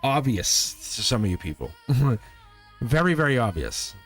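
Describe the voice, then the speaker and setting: A man hosts a live tarot reading, talking straight to his viewers in a loose, chatty way. He laughs often and doubles back on his words. His voice sits in an ordinary middle pitch, with faint music playing underneath. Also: very animated, a little slow, slightly rough. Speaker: tarot reader, livestream host.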